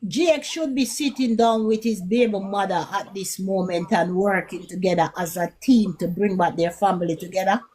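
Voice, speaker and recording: A woman interviewing a guest, asking deliberate, flattering questions. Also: mid-range voice, husky. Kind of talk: casual interview.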